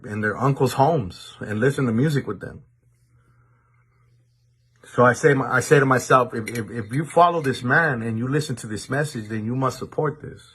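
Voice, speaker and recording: Husky-voiced man issuing a stern warning. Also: mid-range voice, a bit bright. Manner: deliberate warning tone, repeats words as he restarts. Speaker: commentator addressing viewers. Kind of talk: direct-to-camera monologue.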